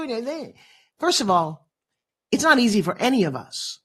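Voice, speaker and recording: A woman in her fifties, a motivational speaker, telling a personal story as a talk show guest with dramatic, animated delivery. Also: a little high, brisk, breathy edge. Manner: animated, dramatic storyteller who acts out quotes.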